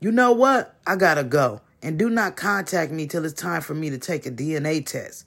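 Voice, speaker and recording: A man voicing a smooth-talking male lover who is quick to anger, speaking raised and emphatic. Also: fairly high pitch, lively intonation, fairly bright tone, full character voice. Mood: angry.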